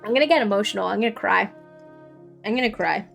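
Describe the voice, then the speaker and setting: A woman's voice: medium pitch, fast talker, gravelly, fairly bright tone, soft background music. A woman game streamer chatting casually, giggly and trailing off as she plays.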